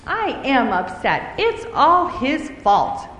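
A woman voicing an upset little girl who whines and pleads in a high, wailing voice. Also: wildly swooping pitch, slow, a bit bright, exaggerated voice. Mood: pouting. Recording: echoey hall with faint ambience.

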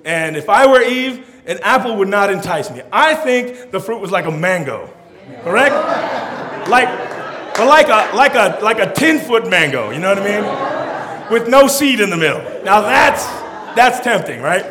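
A man preaching a humorous sermon as pastor, with animated, joking storytelling. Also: high voice, normal speed, roomy sound, crowd noise.

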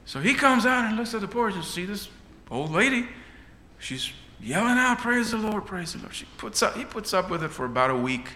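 A man's voice: high-pitched, big pitch swings, moderate pace, sharp tone. A man preaching a sermon with dramatic, rising and falling delivery. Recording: echoey church hall.

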